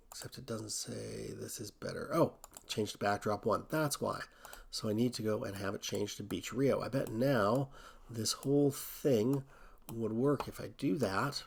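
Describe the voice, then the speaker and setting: A man hosting a coding tutorial, thinking aloud in a relaxed way as he walks through a screen recording. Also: fairly low pitch, creaky, breathy edge.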